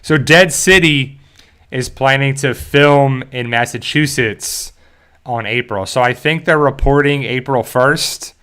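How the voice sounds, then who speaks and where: Taking his time, a South Jersey man in the US speaks with a medium-pitched, somewhat bright, clean-toned voice. As host of a YouTube fan discussion, he chats casually to his viewers, full of fillers, restarts and rambling.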